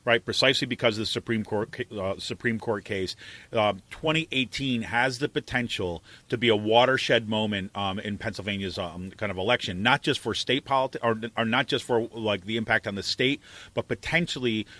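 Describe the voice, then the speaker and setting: A middle-aged man hosting a casual political talk show, animated and loose, laughing often. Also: lowish voice, a little fast, no room sound. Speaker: podcast host and editor.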